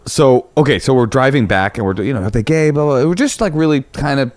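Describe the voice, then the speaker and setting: A man telling a story as a comedian guest on a podcast, animated, cursing freely and acting out what people said. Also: fast, no room sound. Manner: animated, acts out quotes with big pitch jumps, swears freely. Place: home podcast room.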